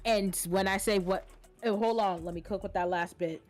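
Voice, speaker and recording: A woman co-hosting a casual stream chat, blunt and animated, swearing freely. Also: mid-range voice, moderate pace, soft background music. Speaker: co-host streamer.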